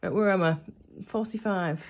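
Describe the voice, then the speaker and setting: At home after dark, a UK woman who vlogs about budgeting chats casually to the camera, poking fun at herself while thinking aloud. She has a mid-range voice at a moderate pace, with slight background noise.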